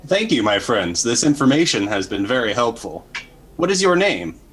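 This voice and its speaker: Brief: playful formal android, husky, even-pitched delivery, man voicing. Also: moderate pace, low-quality recording. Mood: earnest. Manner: stiff, overly formal speech. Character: cheerful, formal male android.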